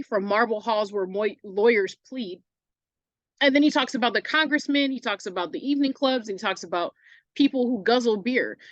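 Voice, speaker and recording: A woman's voice: on the high side, fairly bright tone, no room sound, dull audio. A woman teacher giving a recorded online English lesson, casual and self-correcting, often asking "right?" as she goes.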